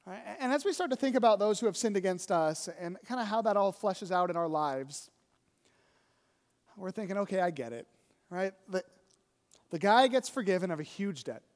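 High-voiced preacher in an echoing hall. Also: male voice, expressive, normal speed. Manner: conversational storytelling, frequent "right?" and "like". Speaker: pastor. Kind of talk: sermon.

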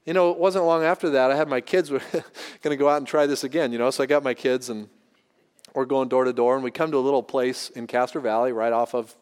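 A pastor telling a personal story in a sermon, animated and acting out the voices of the people in it. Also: male voice, mid-range voice, quick pace, clean tone. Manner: animated, acts out voices in his anecdotes. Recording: long hall reverb.

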